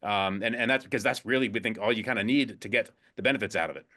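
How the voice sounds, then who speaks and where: A man, an investment chief, talking as a guest on a finance show, halting with many restarts and fillers. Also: on the low side, bright, forceful tone. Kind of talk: casual interview talk.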